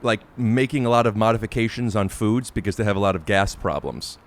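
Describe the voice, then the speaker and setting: A man hosting a casual podcast interview, halting and searching for words with many restarts. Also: lowish voice. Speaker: podcast host.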